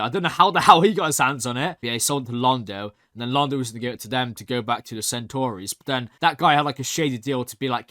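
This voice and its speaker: A young man hosting a reaction channel, excitedly rambling through a recap with lots of "like". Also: mid-range voice, no room sound, studio quality. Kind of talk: casual recap and review.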